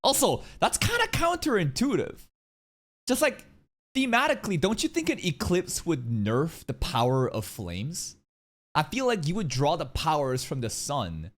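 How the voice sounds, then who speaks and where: A woman streaming her reaction to an anime episode, excitable and swearing freely as she comments. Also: low-pitched, moderate pace.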